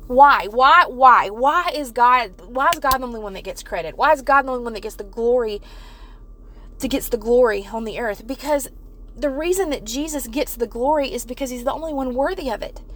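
A woman's voice: fairly high pitch, a little fast, slight background noise. A woman giving an earnest devotional talk to viewers, often repeating and restarting phrases as she builds to fervent emphasis. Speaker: Christian speaker.

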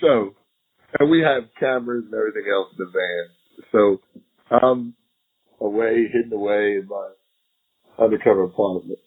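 A man's voice: fairly low pitch, moderate pace, long pauses, slightly rough. A middle-aged man, a retired agent, telling a long story in an interview. He laughs often and acts out what others said. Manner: animated, laughing storyteller who acts out quotes. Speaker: retired FBI agent, podcast guest. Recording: tinny phone-line audio.

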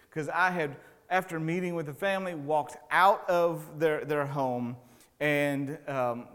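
A man preaching a relaxed, conversational sermon as a pastor and chaplain, with a self-deprecating sense of humor and lots of stammered restarts. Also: on the high side. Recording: long hall reverb.

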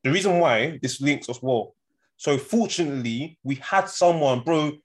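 A man's voice: a little high, lively intonation, normal speed. A young man telling a story in casual chat, rambling and saying "bro" and "innit" a lot. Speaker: podcast co-host.

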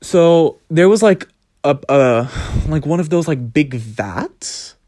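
A man's voice: a little high, slow. A man telling a story about his escape room trip in a casual vlog, dramatic and full of swearing. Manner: animated, profane, dramatic storytelling. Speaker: vlogger.

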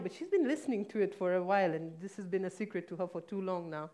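A woman's voice: on the low side, fast talker, few pauses, a little mellow. A woman telling a painful personal story in a candid, reflective way, now and then correcting herself. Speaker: guest telling her own story.

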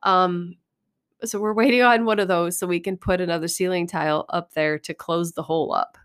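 A woman's voice: fairly low pitch, normal speed, clean tone. Laughing, swearing woman podcast host. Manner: laughing, swearing, animated storyteller. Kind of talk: casual storytelling chat.

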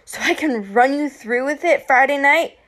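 A woman voicing a big, husky teenage bully girl who sneers and taunts in an audiobook. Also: sits high, normal speed, fairly bright tone. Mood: taunting. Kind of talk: audiobook character voice.

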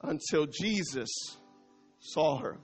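A man preaching a passionate sermon as pastor, swinging between loud and hushed and dropping in Spanish phrases. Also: a little high, animated, takes it slowly, slightly rough, faint music behind.

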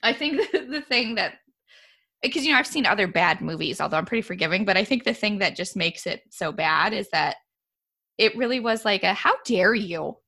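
A woman co-hosting a casual chat, opinionated and animated, often laughing as she talks. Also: mid-range voice, a little fast. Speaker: podcast co-host.

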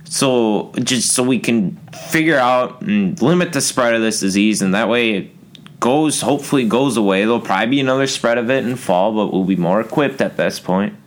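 A man's voice: mid-range voice, moderate pace. A man hosting a podcast, ranting casually in a rambling, exasperated and profane way. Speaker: podcast host.

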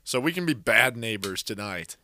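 A young man with a bright, lively voice that jumps all over in pitch, recorded dry and close. He teases his friends and jokes around in an easygoing chat. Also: gravelly, no room sound. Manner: teasing, animated, quick to laugh. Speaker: podcast co-host. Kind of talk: casual chat.

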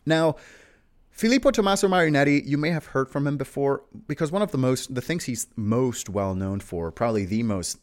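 A man's voice: medium pitch, a little fast. A young man hosting a casual history podcast, telling the story in a playful, teasing way with jokes along the way. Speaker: podcast host.

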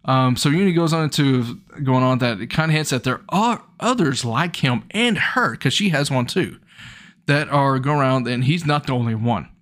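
A young man casually retelling an episode of a show in a loose, rambling way, with his voice jumping higher when something excites him. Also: moderate pace.

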